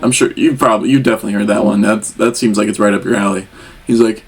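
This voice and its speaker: Talking fast in a lowish, husky voice with fairly even intonation, a young man hosts a casual music reaction to an album, with faint music behind him. He rambles and addresses the artist directly as "brother."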